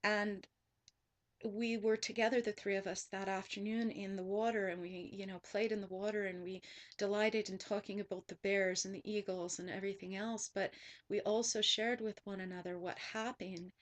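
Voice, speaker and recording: A woman's voice: mid-range voice, level tone, normal speed. A woman spiritual teacher telling a personal story in an earnest monologue, often repeating herself and restarting sentences.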